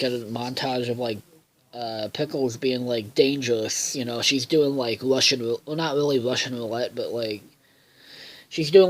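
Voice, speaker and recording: A man talks through a cartoon episode in a loose, unscripted recap. He rambles with constant fillers, swears casually, and often loses track and backtracks. His voice sits at an ordinary middle pitch. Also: rough recording. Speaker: episode reviewer.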